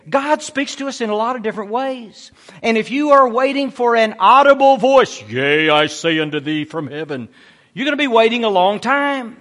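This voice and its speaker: A man's voice: extremely high pitch, a bit bright. A middle-aged man preaching a sermon as a pastor, emphatic and dramatic as he tells stories.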